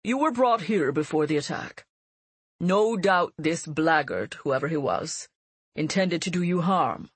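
A woman voicing a nasal, uneasy male prime minister in an audiobook, slightly husky. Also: low voice, animated, measured pace, no echo, heavily acted. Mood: placating.

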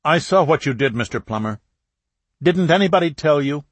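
A man reading an audiobook, voicing a suspicious young medical student who talks curtly and defensively, pushing his voice higher and louder. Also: expressive, moderate pace, breathy edge, no echo. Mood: hostile. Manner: curt, sharp, guarded.

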